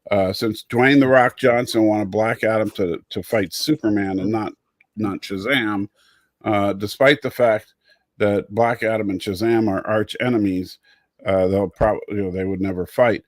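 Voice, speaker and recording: Low-voiced man hosting a rambling chat. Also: steady tone, unhurried, dry recording, studio quality. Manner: rambling, repeats words, reads viewer comments. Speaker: show host. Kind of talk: casual livestream chat.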